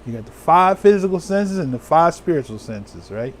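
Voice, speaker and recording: A man preaching as an elder, reading scripture slowly and talking casually with his listeners. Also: a little high, very animated, a little hiss or hum. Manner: slow, drawn-out scripture reading with sudden whoops and laughs; casual, talks to viewers live.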